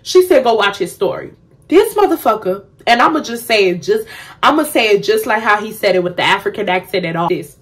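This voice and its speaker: A young woman vlogger telling a storytime, blunt and profane, animated as she acts out what others said. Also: medium pitch, brisk. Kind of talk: storytime vlog.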